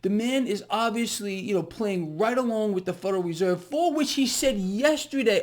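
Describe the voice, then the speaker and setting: A man's voice: sits high, animated, moderate pace, few pauses. A man giving a casual market commentary to viewers, ranting in a sarcastic, profane way and laughing in exasperation.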